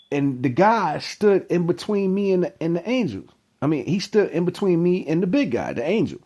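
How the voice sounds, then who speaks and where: A man hosting his own channel, telling a personal story in a casual, animated, slangy way that keeps circling back on itself. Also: a little high. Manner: animated, slangy, repeats himself. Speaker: channel host.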